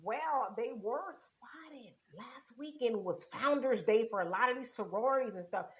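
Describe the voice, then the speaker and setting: A woman hosting a political commentary chat, blunt and profane, telling stories in an animated way. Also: a little high, measured pace. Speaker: show host. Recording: dull lo-fi audio.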